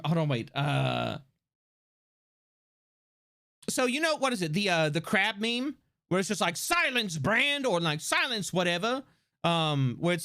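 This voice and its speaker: Animated high-voiced man streaming. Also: vocal fry. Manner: animated, profane, rambling. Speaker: livestream host. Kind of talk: casual livestream chat.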